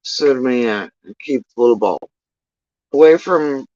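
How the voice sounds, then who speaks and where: A man's voice: mid-range voice, a little slow, dry recording. Profane rambling man, dull lo-fi sound. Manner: profane, rambling, animated when quoting others. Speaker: livestream talker. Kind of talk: casual storytelling.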